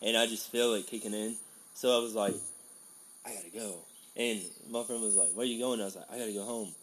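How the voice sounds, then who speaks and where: A man in casual conversation, telling stories in an animated way. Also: lowish voice, a little hiss or hum. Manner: animated storyteller, quick to laugh. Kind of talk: casual chat.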